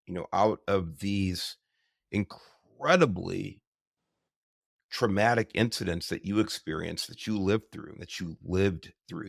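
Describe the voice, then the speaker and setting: Male interview host, very deep gravelly voice, thoughtful, halting. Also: dry recording, studio quality. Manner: measured, searching for words. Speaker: podcast host. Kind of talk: interview questions.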